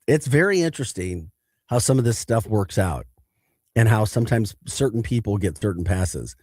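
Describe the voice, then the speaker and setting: A man with a St. hosting a morning sports talk show. His voice sits low and he hammers his opinions with emphasis, laughing between points. The studio sound is close and dry. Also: warm tone, dry recording. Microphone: studio mic.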